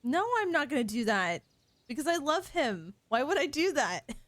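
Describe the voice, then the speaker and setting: A high, very animated woman's voice, fairly bright and at normal speed, comes through as a dry recording. She streams games and chats casually while playing, teasing playfully and making fun of herself.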